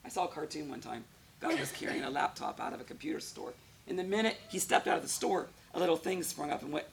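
A woman's voice: on the low side, expressive, normal speed, gravelly, slight background noise. A woman preaching a sermon in a conversational way, often putting questions to her congregation.

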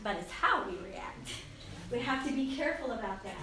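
A high-voiced woman in her fifties gives an informal Christian talk to young people, speaking at a normal speed. She's chatty and animated, laughing often and acting out inner voices, picked up by a roomy, distant hall mic with faint ambience and slight background noise.

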